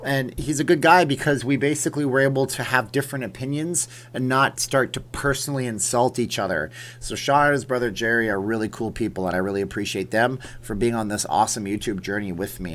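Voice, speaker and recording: A man's voice: mid-range voice, fast talker, few pauses, a bit bright. A man from Canada hosting a late-night livestream, chatting casually and reacting to viewer comments as he reads them. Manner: chatty, rambling, reacts aloud to chat comments. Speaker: livestream host. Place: home room with green screen.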